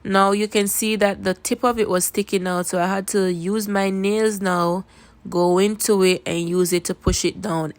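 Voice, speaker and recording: Speaking at normal speed with a mid-range voice and fairly even intonation, a Jamaican-accented makeup vlogger talks casually to her phone camera through a tutorial. She's chatty and repeats words to stress them.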